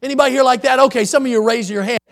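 A man with a very high, gravelly voice preaches a sermon from the church pulpit. He swings into emphatic, near-shouted scripture quotations and then settles back into plain explanation. The gravel in his tone is audible throughout. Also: racing. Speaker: pastor. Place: church sanctuary.

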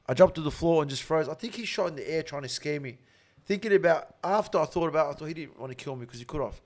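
A man with an Australian accent telling a story in casual talk, swearing constantly and getting loud and laughing as he tells it. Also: fairly high pitch, lively intonation, quick pace. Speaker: interview guest.

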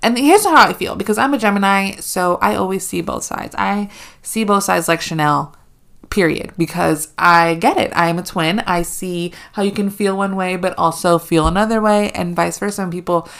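A young woman hosting a casual solo podcast, sarcastic and animated, swearing freely as she rants. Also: lowish voice, moderate pace, vocal fry. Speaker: podcast host.

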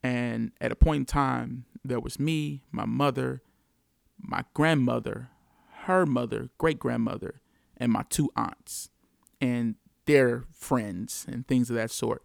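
A man's voice: mid-range voice, takes it slowly, vocal fry, no echo, clean studio sound. A man from the United States telling his story as a father in an earnest, reflective monologue, repeating key phrases for emphasis.

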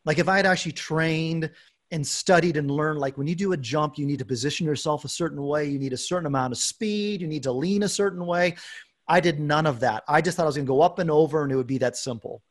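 A man in his forties hosting a podcast, telling a self-deprecating story in a lively way. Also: on the high side, quick pace. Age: 40s. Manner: animated storyteller, self-deprecating, acts out quoted dialogue. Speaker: podcast host. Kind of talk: casual podcast chat.

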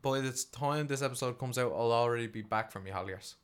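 A man's voice: mid-range voice, quick pace, clear, resonant tone. A young man, co-hosting a podcast in casual, jokey chat. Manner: chatty, jokey, drops playful put-on voices. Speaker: podcast co-host.

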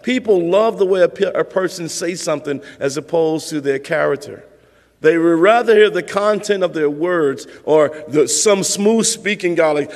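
A man's voice: sits high, moderate pace, vocal fry, in a large hall. A male pastor preaching a sermon in a conversational way, repeating points for emphasis.

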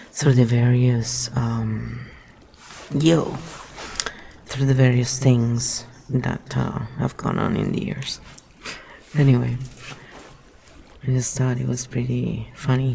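A man's voice: medium pitch, gravelly, dark tone, a little hiss or hum. A man reading a book aloud and breaking off into rambling, musing asides. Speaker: reader.

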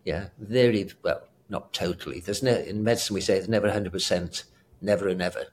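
A man's voice: low voice, brisk, slight background noise. An older man with a British accent, a retired doctor rambling and chuckling as an interview guest. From South Africa. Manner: rambling, chuckling, self-correcting. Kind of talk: casual interview chat.

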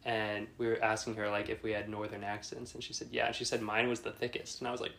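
A man's voice: fairly low pitch, flat delivery, a little fast, gravelly, fairly bright tone. A man from Indiana, a podcast guest, telling anecdotes in casual chat and laughing as he goes.

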